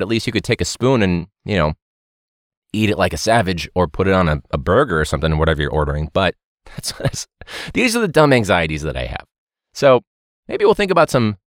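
Ranting, lively-voiced male podcast host. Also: on the low side, no echo, studio quality. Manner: rambling, swears, laughs often, sarcastic rants. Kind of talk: casual ranting monologue.

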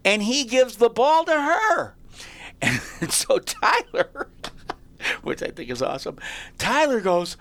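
A male talk show host excitedly telling feel-good stories in a chatty way, with frequent restarts. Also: extremely high pitch, slow, creaky. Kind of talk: animated storytelling on a talk show.

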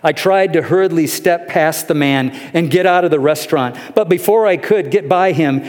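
A male pastor preaching a sermon, telling a story earnestly and emotionally, often dropping to a soft pleading tone. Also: on the high side, moderate pace, long reverb tail.

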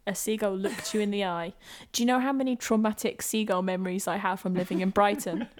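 A woman's voice: mid-range voice, steady tone, fairly quick. A woman co-hosting a casual podcast, chatty and playful, rambling through her thoughts. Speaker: podcast co-host. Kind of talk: casual chat.

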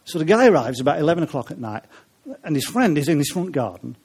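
A man from a Welsh family preaches a humorous sermon, chatting and cracking jokes with the congregation between points. His voice is a little high, a bit mellow and breathy, with a fast, sing-song delivery.

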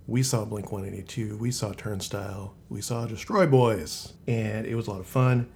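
A man with a fairly low voice, hosting a casual podcast chat. He sounds easygoing and unhurried, letting sentences trail off into fillers. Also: fairly even intonation, gravelly, darkish tone, slight background noise. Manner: laid-back, trails off, drawn-out fillers. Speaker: podcast host.

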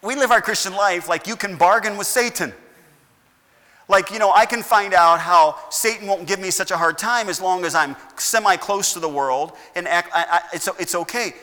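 A man's voice: high voice, normal speed, sharp tone. A man preaching a sermon as pastor, firing rhetorical questions and rising into emphatic bursts. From United States. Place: church sanctuary. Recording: long church hall reverb.

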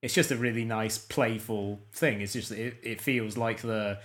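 A man with a somewhat low voice, hosting a laid-back film podcast. He talks in a relaxed way, with many fillers and frequent laughs. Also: measured pace. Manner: relaxed, hesitant, laughs often. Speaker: podcast host. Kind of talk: casual film chat.

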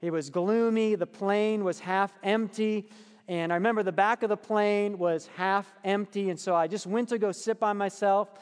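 A middle-aged male pastor preaching a sermon, weaving in personal stories with an earnest delivery that sinks to hushed tones and rises to emphatic ones. His voice sits high for a man. It rings out with the long reverb of a church hall. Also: steady tone, normal speed, smooth. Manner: earnest, swings between soft hushed passages and emphatic lifts. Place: church sanctuary.

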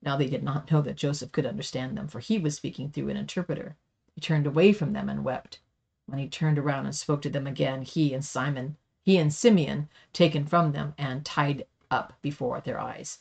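A woman reading Bible passages aloud for a Bible study, steady with small slips. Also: a bass voice, brisk, creaky, slightly rough, dull audio. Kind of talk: scripture reading.

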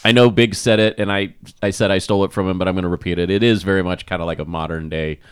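A man co-hosting a podcast, chatting casually in a relaxed, rambling way with fillers and restarts. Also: deep voice, fast, smooth, no echo, studio quality. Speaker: podcast co-host. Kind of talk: casual chat.

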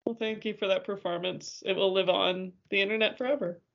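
A woman's voice: mid-range voice, fairly even intonation, fairly quick, creaky, muffled recording. A woman co-hosting a podcast in casual chat, wry and teasing, laughing often. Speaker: podcast co-host.

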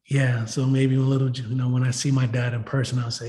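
A man's voice: medium pitch, level tone, a little fast, few pauses, mellow. A man, giving a rambling, emotional personal testimony at a recovery meeting, full of "you know" and "like.". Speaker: recovery meeting member sharing.

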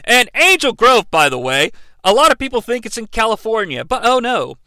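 A man's voice: extremely high pitch, very animated, brisk, sharp tone, no room sound. A man hosting a comedic movie review, sarcastic, profane and mocking. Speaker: host.

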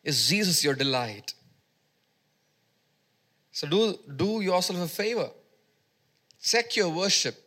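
A man's voice: high voice, sing-song, takes it slowly, long pauses, sharp tone. A man preaching a sermon as pastor at a church service, prompting the congregation to repeat words back to him in call-and-response.

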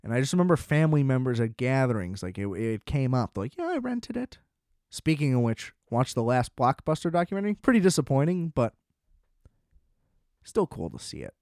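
A man's voice: medium pitch, big pitch swings, a little fast, a little mellow, no echo, studio quality. A man in his twenties giving a casual, sarcastic movie review, scoffing and swearing freely as he rants. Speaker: film reviewer.

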